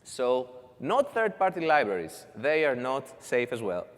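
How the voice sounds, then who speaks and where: A man's voice: mid-range voice, very animated, a little slow, long reverb tail. A man giving a conference talk, walking through a live demo step by step with casual asides. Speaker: conference speaker. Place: conference hall.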